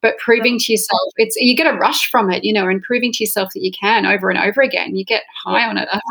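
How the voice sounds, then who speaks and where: Gravelly, husky woman co-host. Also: mid-range voice, fairly even intonation, quick pace, fairly bright tone, low-quality recording. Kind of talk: casual chat.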